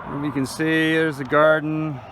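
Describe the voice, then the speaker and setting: A laid-back man with a slightly high voice strolls through his farm garden, chatting easily to a handheld phone as he goes. His talk is loose and friendly, and a faint hum of outdoor noise sits behind him. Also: level tone, a little slow. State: chewing food at times. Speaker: hobby farmer giving a garden tour. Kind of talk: casual walking video tour.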